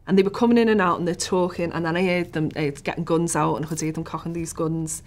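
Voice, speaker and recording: Low-voiced Liverpool woman telling a story. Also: fast. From Liverpool, England. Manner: animated storyteller, rising to hushed whispers at tense moments. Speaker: interviewee. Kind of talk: recounting a personal story.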